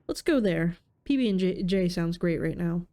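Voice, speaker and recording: A woman reads a story game's narration and choices aloud, adding playful asides. Her voice is mellow and smooth, with a relaxed, casual delivery. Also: fairly low pitch, normal speed. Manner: playful, laughs at her own reading. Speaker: let's player. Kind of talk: reading game text aloud with casual commentary.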